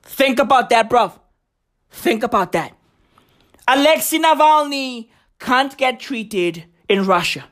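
A woman hosting a comedic podcast, ranting in slangy, profane, excitable talk. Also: on the high side, slow pace. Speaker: podcast host.

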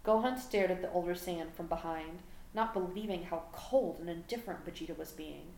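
A woman reading a fan fiction story aloud at a steady, even pace, recorded at home. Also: lowish voice, normal speed, few pauses. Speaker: fan fiction audiobook reader. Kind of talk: story narration. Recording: echoey room with faint background hum.

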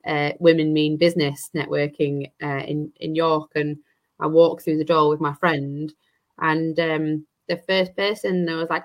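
A woman's voice: sits low, level tone, unhurried. A woman, an estate agent, chatting as an interview guest, rambling with many restarts and fillers. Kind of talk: casual interview chat.

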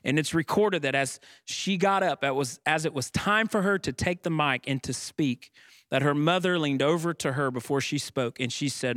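A young adult man preaching a sermon as pastor, building to emphatic declarations and stretching key phrases slowly. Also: fairly high pitch, a bit bright, no room sound, studio quality.

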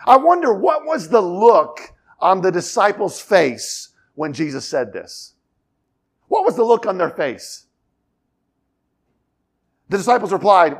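A man preaching from the pulpit, his pitch sitting a touch high and swinging widely as he works through the passage. He reads the verses aloud, then breaks into casual asides and rhetorical questions, acting out what the disciples might have said. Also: big pitch swings, measured pace, vocal fry, long pauses, husky. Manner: expository preacher, reads scripture aloud and acts out dialogue in asides. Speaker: pastor. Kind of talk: sermon.

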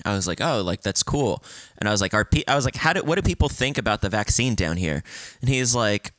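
A man's voice: on the low side, animated, fast, a bit bright, dry recording. A man animatedly telling an anecdote in casual chat, laughing often and swearing casually.

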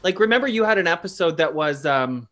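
A man's voice: a little high, lively intonation, fairly quick, a bit bright, soft background music. Guy podcast host rambling through a story, joking at himself, laughing a lot. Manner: self-deprecating and playful. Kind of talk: casual chat.

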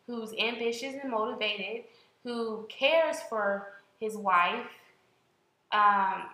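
A woman's voice: medium pitch, bright, forceful tone, roomy sound, rough recording. A young woman co-hosting a casual chat, talking at length with many fillers and restarts. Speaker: podcast co-host.

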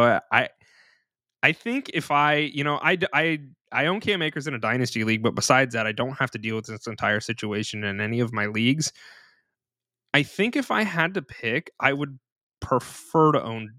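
A man with a bright, forceful voice hosts a casual podcast. His pitch sits in a middle range, and he talks in a chatty, informal way. The sound is dry and close. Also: no echo. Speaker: podcast host.

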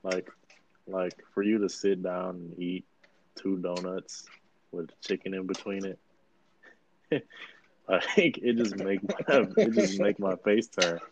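A man's voice: deep voice, steady tone, slow pace, pauses often, slight background noise, rough recording. A man in casual podcast chat, laid-back, making short wry remarks.

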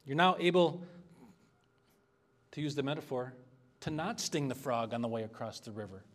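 A man's voice: medium pitch, lively intonation, normal speed, a bit bright. A man preaching an expository sermon as a pastor, earnest and conversational, asking the congregation for responses.

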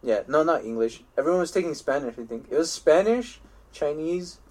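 A man's voice: on the high side, expressive, a little fast, a little mellow. Rambling young man telling school stories. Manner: rambling storytelling with frequent restarts and swearing; laughs at his own stories. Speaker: podcast co-host. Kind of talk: casual chat.

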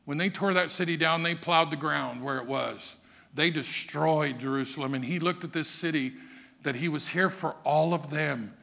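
A man preaching a Sunday sermon, his voice pitched high with a gravelly, rough grain and a very bright, sharp edge. He swings from soft, low asides to shouted peaks, and he acts out the people in his stories as he goes. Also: moderate pace. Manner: dramatic, swings from quiet to shouting, acts out quotes. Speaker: pastor.

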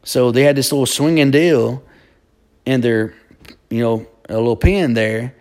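A man's voice: medium pitch, unhurried. Rambling man telling a story. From Alabama. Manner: rambling, animated, full of fillers and restarts. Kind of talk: casual storytelling.

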